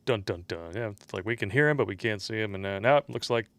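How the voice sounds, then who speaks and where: A man's voice: fairly low pitch, quick pace, fairly bright tone, dry recording. Chatty male livestream host. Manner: laughs often, chatty filler "you know". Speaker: livestream host reading donations. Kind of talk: casual chat. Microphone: video call.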